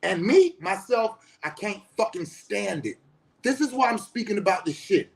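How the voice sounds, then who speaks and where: Aave-speaking counselor guy going off, cussing, passionate, gets loud. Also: high voice, expressive, moderate pace, gravelly. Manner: passionate, blunt, heavy swearing, rising to shouts. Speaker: spiritual teacher and counselor. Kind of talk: impassioned profane monologue.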